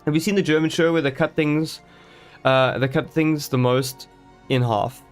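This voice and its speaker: A man's voice: fairly high pitch, fairly even intonation, normal speed, faint music behind. Jokey man streaming a game live. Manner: rambling, jokey, talks to chat while playing.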